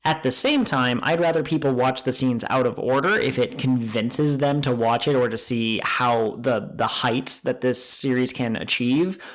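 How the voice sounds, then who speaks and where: Man, podcast co-host, excited storytelling, casual chat, mid pitch. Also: moderate pace, hardly any pauses. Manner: enthusiastic, animated retelling.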